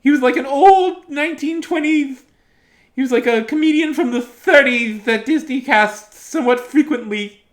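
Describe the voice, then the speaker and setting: A man on a live stream putting on a shrill, lisping falsetto impression of an old-time comedian. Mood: chatty. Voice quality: high falsetto with a lisp. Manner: drawn-out, squealing delivery.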